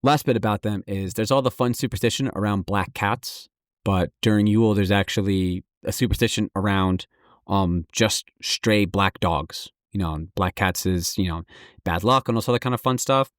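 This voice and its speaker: A man co-hosting a podcast in casual chat, swearing freely and joking with animated energy. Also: lowish voice, moderate pace, no echo, studio quality. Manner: profane, animated, jokey. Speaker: podcast co-host.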